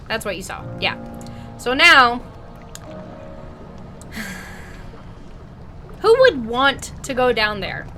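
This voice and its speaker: A chatty woman rambles and jokes through her horror game let's play. Her voice sits high and bright, with faint music running underneath. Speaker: gamer.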